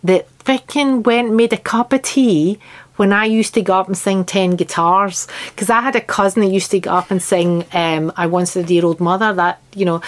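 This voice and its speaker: Lively Glaswegian woman telling a story. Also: on the low side. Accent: Scottish (Glasgow). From Glasgow, Scotland. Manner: lively, swears freely, laughs through the story. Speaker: guest, singer in a band. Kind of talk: casual anecdotal storytelling.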